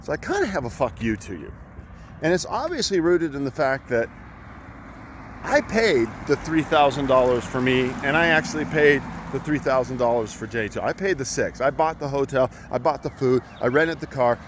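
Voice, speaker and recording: A man's voice: medium pitch, animated, moderate pace, noisy background. A middle-aged man, a coach, telling a heated story in blunt, profane talk while out on a walk. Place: outdoors by a road.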